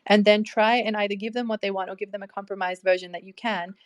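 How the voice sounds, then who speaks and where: A woman's voice: medium pitch, fairly even intonation, fast, clean tone, no room sound. Chatty woman giving relationship advice. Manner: chatty, many fillers, laughs often. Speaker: host. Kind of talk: casual advice talk.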